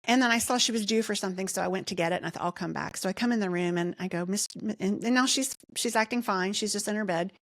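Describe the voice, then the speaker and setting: A middle-aged woman recounts a personal experience as a podcast guest, sincere and earnest, often quoting her own thoughts aloud. Her voice sits at an ordinary mid pitch. The recording is dry and close, with little room sound. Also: quick pace, hardly any pauses, a bit bright, no echo. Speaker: podcast guest, nurse anesthetist. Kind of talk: personal testimony in an interview.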